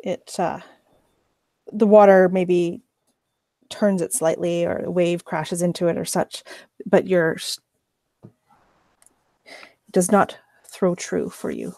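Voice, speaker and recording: Mellow-voiced woman game master. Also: on the low side, steady tone, slow, gravelly, pauses often, dry recording. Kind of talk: running a tabletop game.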